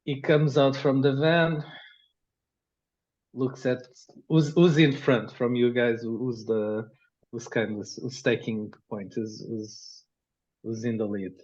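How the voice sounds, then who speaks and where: Guy gm narrating slow and halting over a dull lo-fi call. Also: medium pitch, steady tone, a little mellow. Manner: halting, many restarts and fillers. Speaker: game master.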